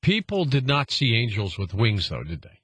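A man's voice: medium pitch, wildly swooping pitch, normal speed, a bit bright, breathy edge, no room sound. A man interviewing a guest, asking brief leading questions. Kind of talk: radio interview.

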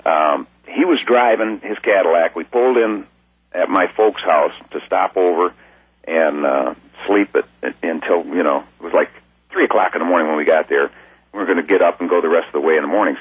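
A man telling a long story as an interview guest, in a folksy, rambling way that grows animated when excited. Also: sits low, slightly rough, no room sound. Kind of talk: casual storytelling. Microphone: phone. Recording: tinny dry phone line.

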